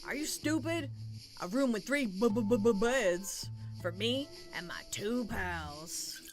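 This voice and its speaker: A rude, drunk game lout stammers his insults in a slow Southern drawl, as a woman puts him on. He sounds slurred and pushy, and game music plays clearly behind him. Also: a little high, animated. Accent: put-on American Southern. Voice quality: stuttering, insulting. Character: rude drunk stuttering man with shotgun.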